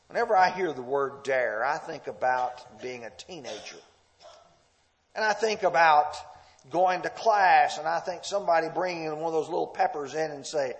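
A man's voice: a little high, animated, normal speed. A man preaching a sermon, leading listeners through texts verse by verse with emphatic, sometimes confrontational delivery.

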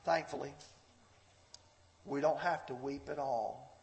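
A man's voice: medium pitch, steady tone, takes it slowly, gravelly, a little mellow, muffled recording. A man preaching a sermon, earnest and fervent, reading scripture with rising intensity. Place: church sanctuary. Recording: long hall reverb.

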